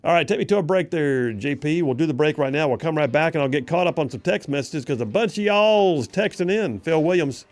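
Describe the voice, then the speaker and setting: A man's voice: fairly high pitch, animated, brisk, hardly any pauses, a little mellow. Guy hosting talk radio, folksy, hammering his points, repeats stuff for effect. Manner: emphatic, folksy, repeats phrases for punch. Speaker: radio talk show host.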